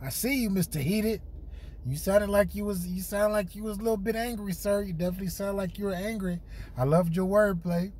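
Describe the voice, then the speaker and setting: Laid-back host with fillers. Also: male voice, high-pitched, a little fast, darkish tone. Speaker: battle host and judge. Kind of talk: casual chat.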